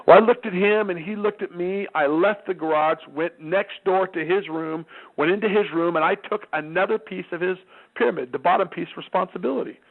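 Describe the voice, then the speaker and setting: A middle-aged man with a gravelly, slightly high voice tells a family story and acts out the voices in it. The sound is tinny and narrow, like a phone line. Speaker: parenting speaker. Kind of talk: storytelling talk.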